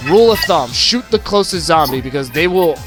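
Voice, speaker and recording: A man streaming gameplay, talking casually through the game and shouting at it when it goes wrong. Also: a little high, a little fast. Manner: excitable, groans and shouts at the game. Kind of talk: live gameplay commentary. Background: loud game music.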